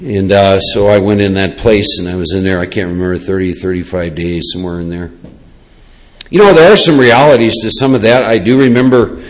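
A man, telling his personal recovery story in a rambling, lively way with many asides. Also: low voice, fairly quick, low-quality recording. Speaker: recovery speaker. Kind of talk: personal testimony talk.

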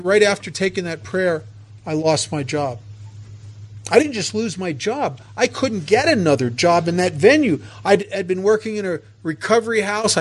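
A man with a fairly high voice tells his recovery story as a personal testimony. He stumbles and repeats words as he restarts his sentences, and drops in wry humor along the way. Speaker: speaker sharing a recovery story.

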